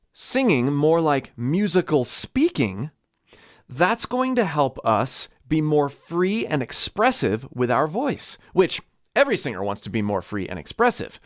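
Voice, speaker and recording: In studio-quality sound with no echo, a man whose voice is on the high side teaches singing technique. He's expressive, illustrating each point by singing with his own voice.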